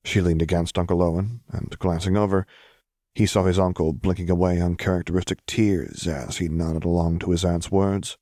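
A man narrating a serialized fan story in a calm, measured way. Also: deep voice, dry recording, studio quality. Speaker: audiobook narrator. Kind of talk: scripted fanfiction narration.

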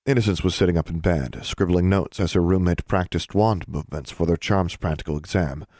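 Brief: low-pitched male narrator, even delivery, dry booth sound. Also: brisk, no echo. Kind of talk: audiobook narration.

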